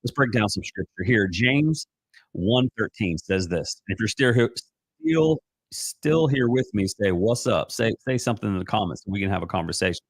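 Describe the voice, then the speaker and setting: Guy life coach talking to pastors, earnest, kinda rambly with lots of ums, lowish voice, dry close sound. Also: expressive, normal speed, slightly rough, dry recording. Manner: earnest, rambling, frequent restarts and fillers. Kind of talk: live-stream talk to pastors.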